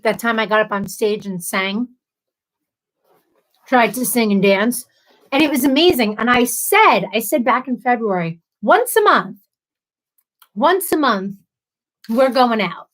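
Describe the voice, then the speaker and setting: A woman chatting on her livestream in a slightly high voice, slow and unhurried. She rambles, giggles and keeps apologizing, a little tipsy from her drinks. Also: poor audio. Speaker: livestream host. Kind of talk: casual livestream chat.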